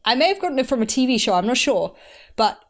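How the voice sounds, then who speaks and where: A young Australian woman with an Australian accent, a podcast guest chatting casually, giggly and animated, swearing casually. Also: a little high, quick pace. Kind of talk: casual chat.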